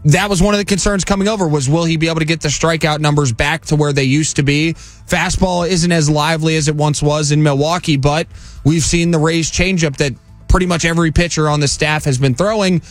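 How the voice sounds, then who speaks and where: A man's voice: a little high, fairly even intonation, no room sound, faint music behind. A man in his twenties co-hosting a sports radio show, joking and rattling off stats. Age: 20s. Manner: quick, jokey, rattles off stats. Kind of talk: casual sports radio banter. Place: radio studio. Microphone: studio mic.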